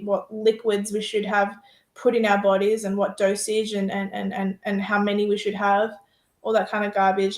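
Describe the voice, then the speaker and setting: Chatty woman in a roomy echo. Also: mid-range voice. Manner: chatty, laughs easily, trails off with fillers. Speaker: guest. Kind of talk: casual discussion.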